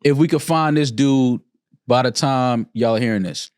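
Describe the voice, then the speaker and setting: A man co-hosting a podcast, slangy and animated, laughing loudly in casual banter. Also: mid-range voice, normal speed, smooth, dry recording, clean studio sound. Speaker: podcast co-host. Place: podcast studio. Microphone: studio microphone.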